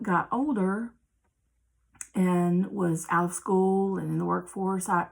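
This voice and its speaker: Husky, gravelly-voiced woman chatting casually. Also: fairly low pitch, rough recording. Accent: mixed Maryland and South Carolina. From Maryland, USA. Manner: chatty, rambling, frequent ums and self-corrections. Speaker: cross-stitch vlogger. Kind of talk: casual chat to camera.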